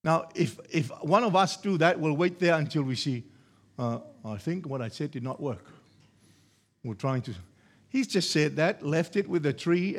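A man preaching a sermon, emphatic and repetitive, building from quiet explanation to loud exhortation. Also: a little high.

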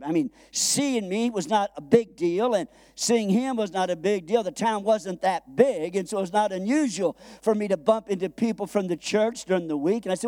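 A middle-aged pastor preaches a storytelling sermon. His voice sits high for a man yet sounds mellow and dark in tone, recorded close and dry. He acts out the quoted dialogue and chuckles along the way. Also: expressive, a little fast, hardly any pauses, no echo.

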